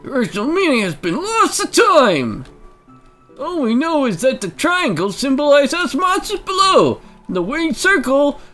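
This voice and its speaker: A woman putting on a strained, croaky old turtle shopkeeper. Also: high voice, sing-song, moderate pace, fairly bright tone, faint music behind, pitched above the performer's own voice. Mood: rambling. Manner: rambling, grumbling about youngsters. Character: creaky old male turtle shopkeeper, rambling.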